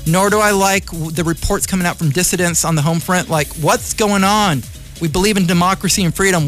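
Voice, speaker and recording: A man's voice: high-pitched, a bit bright. A man hosting a community radio show, delivering an impassioned, rambling, argumentative commentary monologue from the studio.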